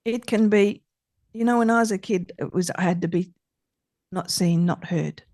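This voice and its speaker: A middle-aged woman therapist talking as a podcast guest, expressive and emphatic, repeating her key points. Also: mid-range voice, normal speed, no echo, studio quality. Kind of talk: conversational podcast interview.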